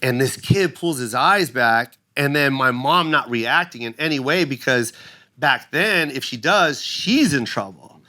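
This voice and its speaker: A man's voice: medium pitch, animated, measured pace, sharp tone. A man in his fifties, a comedian telling stories on a podcast in a profane, emphatic way. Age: 50s. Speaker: guest comedian. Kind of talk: casual podcast storytelling.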